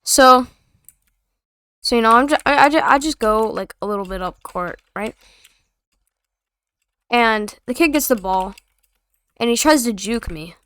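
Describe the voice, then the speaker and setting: A woman's voice: fairly high pitch, expressive, a little slow, pauses often, fairly bright tone, clear, resonant tone, dry recording. Sarcastic young woman telling a story. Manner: slangy, rambling, sarcastic. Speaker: vlogger. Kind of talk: casual storytime.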